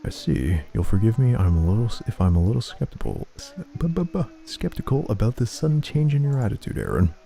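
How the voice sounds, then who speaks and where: A man's voice: medium pitch, sing-song, fairly quick, creaky, hardly any pauses, warm tone, pitched above the performer's own voice. A man playing a stern weary mother. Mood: reproachful. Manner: prim, reproachful, stammering.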